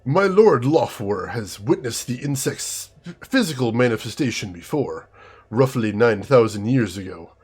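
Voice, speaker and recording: A man voicing a male dragon's envoy with a put-on German accent, speaking slowly and savoring each word. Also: mid-range voice, animated, slightly rough, voice pushed down. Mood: pompous.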